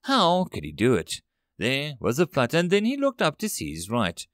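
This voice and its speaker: A male audiobook narrator tells a war story with strong drama. His pitch moves widely. The recording is dry, with no room sound. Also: wildly swooping pitch, normal speed, no echo.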